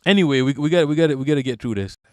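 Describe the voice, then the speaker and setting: A man's voice: a little high, racing, darkish tone, no echo, clean studio sound. Profane man riffing on live chat. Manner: profane, rambling, answers chat off the cuff. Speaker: livestream host. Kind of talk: casual livestream chat reading viewer comments.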